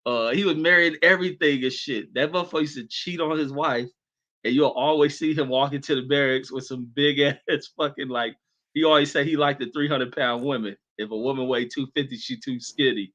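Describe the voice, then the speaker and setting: A man's voice: mid-range voice, steady tone, a little fast, pushed and bright. Cussing man on a dull line. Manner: profane, loose reminiscing. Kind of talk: casual chat.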